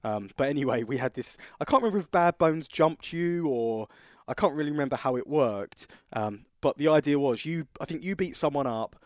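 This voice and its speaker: A man's voice: on the high side, lively intonation, fairly quick, hardly any pauses, no echo, clean studio sound. A man co-hosting a podcast, talking casually and telling rambling stories full of restarts. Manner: rambling storyteller, restarts sentences. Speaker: podcast co-host.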